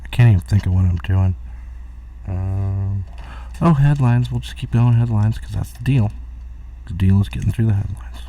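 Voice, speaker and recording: A man's voice: on the low side, moderate pace, dark tone, dry recording, far from the mic. A middle-aged man hosting a rambling solo live stream from home, distracted and chuckling at his own jokes. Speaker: host of a live talk stream.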